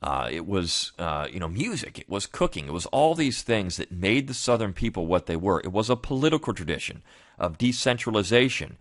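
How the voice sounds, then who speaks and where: A man with a deep, low voice talks through his thoughts in a loose, rambling way, circling back and restarting often. The sound is close and dry, with no room echo. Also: sing-song, brisk. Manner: rambling, frequent restarts and fillers. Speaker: podcast host. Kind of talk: casual spoken commentary.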